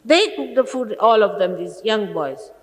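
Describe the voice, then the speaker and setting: A woman's voice: medium pitch, lively intonation, unhurried. Stern sixty-year-old woman scolding, echoey hall. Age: 60s. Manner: scolding, exasperated, rhetorical questions. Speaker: spiritual teacher addressing followers. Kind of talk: stern scolding address to a gathering. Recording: echoey hall, archival talk recording.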